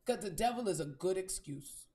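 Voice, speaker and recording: A woman's voice: on the low side, expressive, normal speed, dark tone. A woman hosting a live stream as a spiritual reader, giving a blunt, profane motivational talk and repeating phrases for emphasis. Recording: roomy echo.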